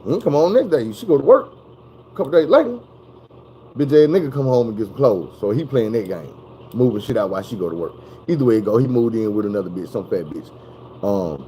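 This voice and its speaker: A man's voice: fairly low pitch, slight background noise, low-quality recording. Man from telling a story. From Arkansas. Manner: animated, profane, conversational. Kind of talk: casual storytelling.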